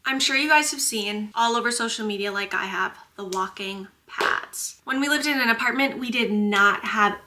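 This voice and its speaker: An American woman chatting casually in a home vlog, gushing and excitable, with lots of "like". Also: on the high side, moderate pace, hardly any pauses, slight background noise. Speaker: vlogger.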